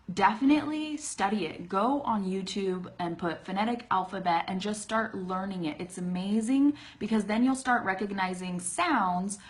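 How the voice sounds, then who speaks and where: A woman teaching English pronunciation in a casual live-streamed lesson, talking straight to viewers and slowing down to demonstrate sounds. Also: medium pitch. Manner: talks to viewers directly, demonstrates sounds slowly, laughs easily. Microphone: phone or webcam for a live video stream.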